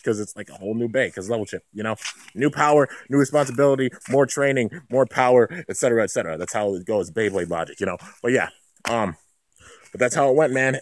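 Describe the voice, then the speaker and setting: A man giving a casual, excited recap of an anime episode, rambling with lots of "like" and "you know". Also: mid-range voice. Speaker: anime reviewer.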